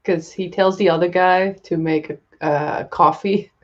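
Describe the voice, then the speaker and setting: A woman's voice: lowish voice, steady tone, unhurried, highs cut off, a little hiss or hum. A woman co-hosting a casual film podcast, talking in a chatty, informal way with casual swearing. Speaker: podcast co-host.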